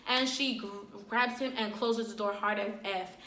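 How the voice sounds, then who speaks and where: A woman telling a personal story in a casual, animated vlog, full of fillers and dramatic retelling. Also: a little high, brisk, hardly any pauses, echoey room. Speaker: storyteller, vlogger.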